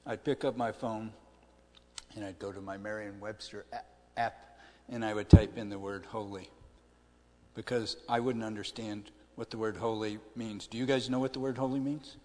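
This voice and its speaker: A man's voice: lowish voice, steady tone, moderate pace, a little mellow, slight background noise. A man preaching a conversational sermon, asking his listeners questions as he goes. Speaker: pastor. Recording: long hall reverb.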